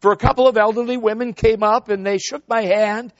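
A man's voice: high-pitched, fairly quick, few pauses, no room sound. A man preaching a sermon to a congregation, telling a story and calling out to the crowd. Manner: animated storyteller, calls out to the congregation. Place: church before a congregation. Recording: dull, lo-fi sound.

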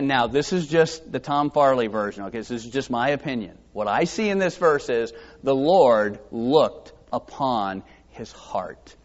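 A man preaching a sermon in a conversational, self-deprecating way, acting out the quotes he reads. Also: on the high side. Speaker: pastor. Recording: dull lo-fi sound.

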